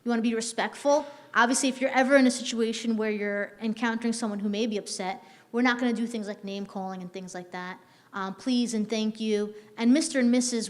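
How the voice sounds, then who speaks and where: Woman trainer with a long reverb. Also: a little high. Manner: conversational, checks in with "right?"; frequent "um" fillers and restarts. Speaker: staff trainer. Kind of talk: workplace training talk.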